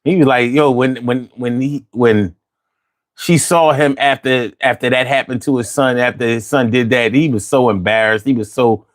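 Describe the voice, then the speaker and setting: A man's voice: medium pitch, moderate pace. A man telling stories in a casual chat, repeating words as he goes.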